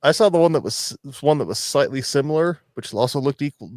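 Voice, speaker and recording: A man's voice: mid-range voice, lively intonation, brisk, a little mellow, no room sound, clean studio sound. A man co-hosting a podcast who tells joking, profane stories in casual chat.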